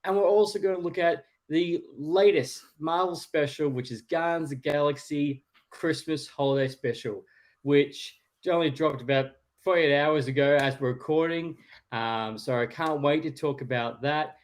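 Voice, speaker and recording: A man's voice: on the high side, moderate pace. A man hosting a podcast, introducing the episode and chatting casually in an enthusiastic, conversational way. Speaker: podcast host.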